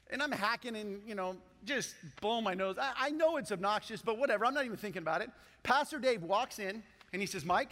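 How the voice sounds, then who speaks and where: A man's voice: sits high, a bit bright, big-room sound. A male pastor preaching a sermon, joking and calling on the congregation to join in. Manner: playful, joking, audience participation. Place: large church hall.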